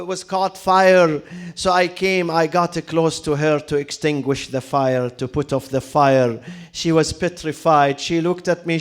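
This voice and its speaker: A male preacher telling a story in a mourning sermon, dramatic and building to loud lamenting cries, with recited Arabic mixed into his English. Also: sits high.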